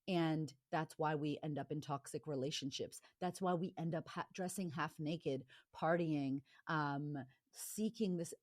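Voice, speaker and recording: Low-voiced middle-aged woman guest, blunt and frank, dry close sound. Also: darkish tone, dry recording. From Latina, grew up in a rough neighborhood. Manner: blunt and frank, swears freely. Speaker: guest, confidence coach. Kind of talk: candid interview talk.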